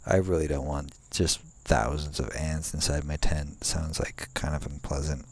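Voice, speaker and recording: This is a vlogger, a young man with an extremely low-pitched voice, talking at normal speed in a steady tone. He rambles casually outdoors at night, meandering with lots of fillers and restarts. His manner is laid-back, and he swears casually now and then.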